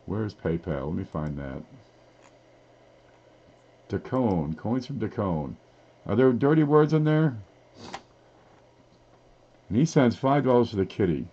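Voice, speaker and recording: A man's voice: lowish voice, animated, takes it slowly, pauses often, warm tone, breathy edge, dull audio. A man hosting a casual live-stream giveaway, talking in a folksy, rambling way as he reads off items one by one. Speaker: livestream giveaway host.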